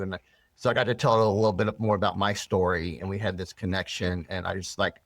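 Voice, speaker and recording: Male guest, low voice, earnest rambling storyteller, dry room. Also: steady tone, brisk, dry recording. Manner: rambling, earnest, many restarts. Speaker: interview guest. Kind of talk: emotional personal storytelling.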